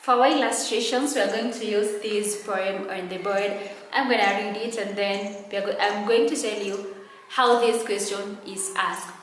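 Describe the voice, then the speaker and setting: Slow Kenyan woman teaching in an echoey classroom. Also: mid-range voice, fairly even intonation, slight background noise. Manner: slow, deliberate teacher explaining step by step. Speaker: English literature teacher. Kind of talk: classroom lecture. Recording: echoey classroom with long reverb.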